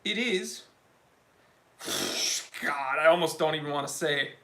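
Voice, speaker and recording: A young man hosting a watch channel live stream, chatting casually and excitedly reading out viewer comments. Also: fairly high pitch, slow, vocal fry.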